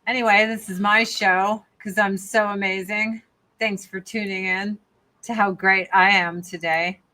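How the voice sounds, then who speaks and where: An older woman guests on a podcast over a video call from her rural home, chatting casually, candidly, and with plenty of jokes and swearing. Her medium-pitched voice is pushed and bright, with a steady tone and a measured pace.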